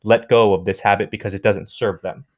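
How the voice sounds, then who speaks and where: A man's voice: on the low side, fairly quick, dull audio. Male podcast co-host explaining dog training. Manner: conversational, steady explaining.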